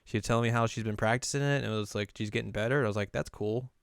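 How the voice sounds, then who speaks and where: Guy recapping an anime ep, low-ish smooth voice, dry sound, acts out the lines. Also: racing, no echo. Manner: animated retelling, acting out characters' lines in raised voices. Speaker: co-host of anime review show. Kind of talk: casual recap chat.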